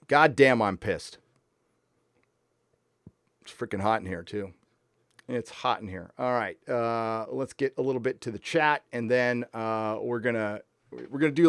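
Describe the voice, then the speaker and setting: A man's voice: mid-range voice, smooth, no room sound, studio quality. Profane, ranting male stream host. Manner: ranting and profane, reading viewer messages aloud. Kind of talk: casual live stream chat. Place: warm indoor room.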